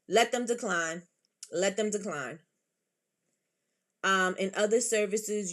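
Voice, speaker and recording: A middle-aged woman talking straight to her viewers on a casual livestream. She is emphatic and repetitive, driving each point home like a sermon. Her voice sits at an ordinary, middle pitch. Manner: emphatic, repetitive, preachy advice. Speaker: livestream host. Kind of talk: casual livestream chat reading comments.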